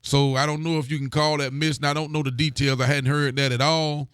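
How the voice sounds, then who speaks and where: Relaxed sheriff reading viewer comments. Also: male voice, fairly high pitch, a little fast, clean tone, no echo, clean studio sound. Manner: relaxed, folksy, greets viewers by name. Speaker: sheriff hosting a local talk show. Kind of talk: casual live-stream chat reading viewer comments.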